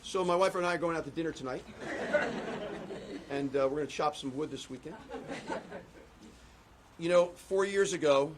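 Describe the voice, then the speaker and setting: A man's voice: a little high, moderate pace, pauses often, crowd noise, noisy background. A man, a political candidate, giving a concession speech and then answering press questions, driving points home with repeated phrases. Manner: rhetorical, repeats phrases for emphasis.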